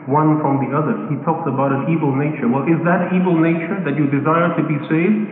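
A man's voice: high voice, a little hiss or hum. A man preaching a sermon, pressing his listeners with rhetorical, teasing questions. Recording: tinny, echoey hall recording.

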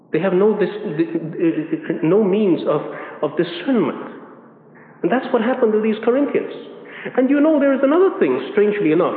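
A man preaches with a high, ringing voice, hammering home repeated phrases. The sound is thin and phone-like. A long hall echo trails every word. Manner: emphatic, repeats key phrases with rising pitch. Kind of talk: sermon. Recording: echoey hall on a tinny lo-fi line.

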